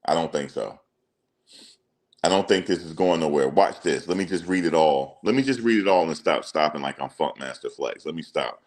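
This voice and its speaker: A man's voice: extremely low pitch, expressive, moderate pace. A man hosting casual celebrity news commentary, emphatic and slangy, repeating his points. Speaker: commentary channel host.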